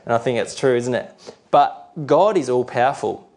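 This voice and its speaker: Measured middle-aged male preacher. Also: mid-range voice, animated, darkish tone. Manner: slow, careful reading of scripture verses; explanatory, with fillers and restarts. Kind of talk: sermon.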